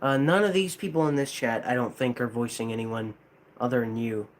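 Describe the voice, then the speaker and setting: A man's voice: medium pitch, fairly quick, a little hiss or hum. A young American man rambling casually to a live chat, hesitant, with many restarts. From United States. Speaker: streamer.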